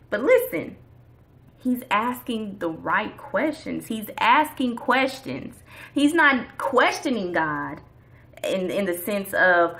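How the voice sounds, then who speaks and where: A woman's voice: mid-range voice, expressive, slow, a bit bright. A woman vlogger giving a casual faith talk in a chatty, slangy, preachy way.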